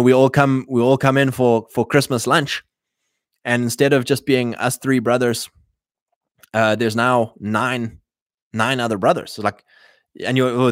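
A man's voice: medium pitch, dry recording, studio quality. A man in a casual livestream, talking in a rambling way with many fillers and restarts. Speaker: livestream host.

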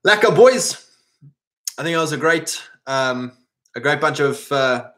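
Male host, faith-driven motivational talk, earnest and rambling, voice a bit strained, average pitch. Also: fairly even intonation, moderate pace, bright, forceful tone. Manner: earnest, rambling, many restarts and fillers. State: voice strained, coughing and clearing throat.

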